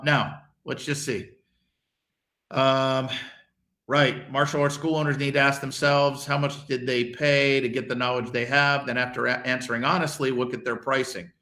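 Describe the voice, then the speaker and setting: A man's voice: mid-range voice, pushed and bright, echoey room. A man co-hosting a business talk show, coaching martial arts school owners and acting out sales conversations with parents in an emphatic, persuasive way.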